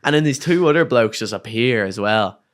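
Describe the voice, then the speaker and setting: A young man with an Irish accent, a podcast guest telling a story in casual chat, animated and swearing freely. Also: mid-range voice, normal speed. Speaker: podcast guest, downhill mountain bike racer.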